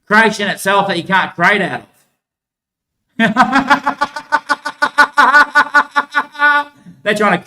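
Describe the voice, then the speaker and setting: A man's voice: high-pitched, bright, forceful tone. A man talking in a long rambling monologue, laughing between thoughts. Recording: echoey room.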